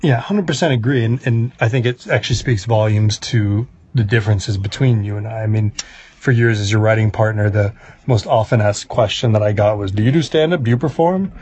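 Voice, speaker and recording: A man's voice: lowish voice, steady tone, a little fast, darkish tone, husky, highs cut off. A man, a comedy writer and podcast guest, talking in a thoughtful, laid-back way. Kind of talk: casual podcast chat.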